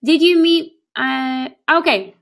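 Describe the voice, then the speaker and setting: A woman's voice: high voice, takes it slowly, vocal fry, fairly bright tone. A Norwegian-speaking woman teaching a live webinar lesson, patiently repeating phrases and calling on participants by name. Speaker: language teacher.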